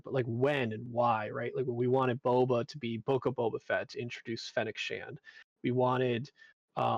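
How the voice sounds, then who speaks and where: A man's voice: medium pitch, creaky, no echo, dull audio. A man explaining game design choices on a panel, rambling with many fillers. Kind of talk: casual panel talk.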